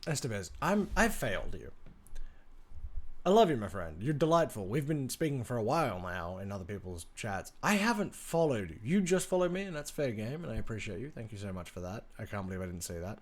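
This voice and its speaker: A man's voice: on the low side, big pitch swings, fairly quick. Chatty man streaming games. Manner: chatty, swears freely, greets chat by name. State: tired from lack of sleep. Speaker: live streamer. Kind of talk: casual gaming stream chat. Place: home room with a large bookshelf.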